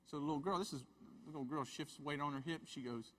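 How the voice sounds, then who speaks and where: Bright-voiced man telling stories. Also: fairly high pitch, fast talker. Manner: folksy storyteller, chatty asides. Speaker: family therapist and speaker. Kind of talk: humorous live talk to an audience. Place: large hall with a live audience. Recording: reverberant hall.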